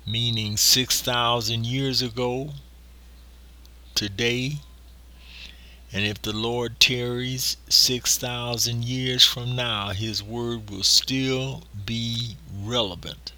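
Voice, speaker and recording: A man preaching a sermon, slow and deliberate, leaning on emphatic pauses. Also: mid-range voice, steady tone, pushed and bright.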